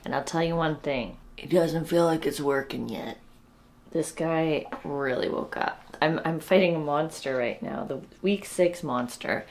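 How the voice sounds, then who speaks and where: A woman's voice: low voice, measured pace. A young woman and new mom, a comedian, chatting casually at home in a tired, wry way, sometimes dropping to a whisper. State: sleep-deprived. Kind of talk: casual vlog chat. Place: home, indoors.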